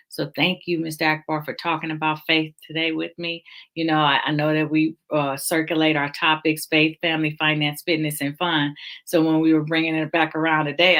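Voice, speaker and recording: A woman's voice: low-pitched, a bit bright. A woman hosting a casual online talk about faith, emotional and encouraging, speaking over a video call. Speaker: host. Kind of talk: casual chat.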